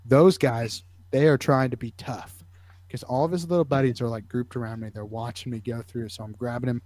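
A man, a guest athletic trainer, telling sideline stories in a casual, animated way, full of fillers. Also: mid-range voice, fairly quick, no room sound. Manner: animated, acts out voices, many fillers. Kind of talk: casual storytelling.

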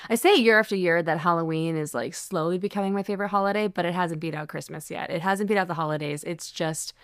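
A woman's voice: on the low side, fast talker, smooth, dry recording. Young female co-host, bubbly and gushing, casual chat, dry close mic. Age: young adult. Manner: bubbly, gushing, frequent fillers. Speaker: podcast co-host.

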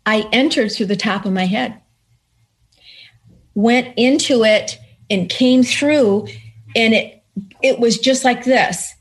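A woman guest recounting a personal story in conversation, earnest and animated, acting out the voices of people in it. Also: fairly high pitch, slow pace, long pauses. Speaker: interview guest.

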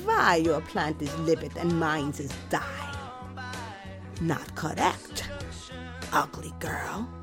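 A woman's voice: low-pitched, very animated, slow, long pauses, music in the background, pitched below the performer's own voice, exaggerated voice. Lady doing a bossy chain-smoking neighbor lady, thick eastern european accent, broken english, swings way up and down. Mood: gloating. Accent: put-on Eastern European accent. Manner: broken English, mocking, scolding.

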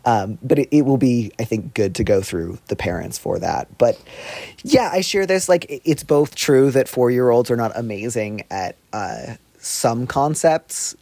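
A man giving advice on a podcast, circling his points and hedging as he goes. His voice sits at an ordinary middle pitch. The recording is close and dry. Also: expressive, unhurried, warm tone, no room sound. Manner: rambling, self-aware hedging. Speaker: guest advice columnist. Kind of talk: casual podcast chat.

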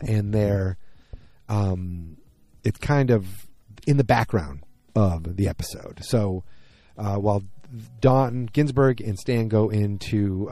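A man's voice: on the low side, warm tone, no room sound. A man casually recapping a TV episode, rambling, correcting himself and acting out the characters' lines. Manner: rambling, self-correcting, acts out quotes. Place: outdoors.

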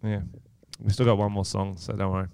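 A man's voice: fairly low pitch, level tone, a little fast, creaky, background noise. An Australian man co-hosting a podcast, joking loosely and swearing casually. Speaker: podcast co-host. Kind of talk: casual banter.

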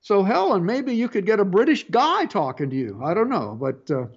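A man with a slightly raised voice hosts a tech show, explaining things in a relaxed, halting way full of restarts and fillers. The sound is dull and lo-fi, like an old broadcast recording. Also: high-pitched, slightly rough. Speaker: radio tech show host. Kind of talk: casual call-in advice talk.

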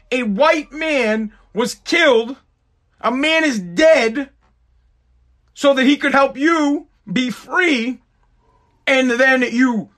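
A man from the United States delivers an exasperated, profanity-heavy rant straight to camera. His voice sits high for a man, and he repeats words as he pushes his point. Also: a bit bright. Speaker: vlogger. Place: Boston.

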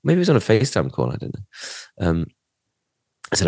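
A man's voice: low-pitched, a little fast, gravelly, slightly rough, no room sound, studio quality. A man, co-hosting a podcast and telling a story in casual chat. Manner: animated storyteller, acts out quoted voices. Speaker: podcast co-host.

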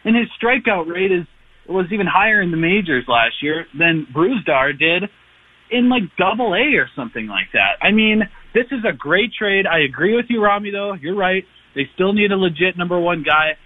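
Brief: upbeat male radio caller, slightly high voice, thin phone-line sound. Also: animated, normal speed. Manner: eager, rambling, friendly teasing. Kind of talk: sports radio call-in.

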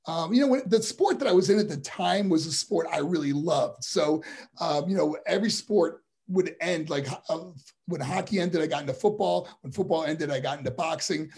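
A man's voice: fairly high pitch, normal speed, vocal fry, slightly rough. A middle-aged man, a former wrestler and boxer, telling rambling stories in a casual interview. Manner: rambling, animated storytelling with restarts.

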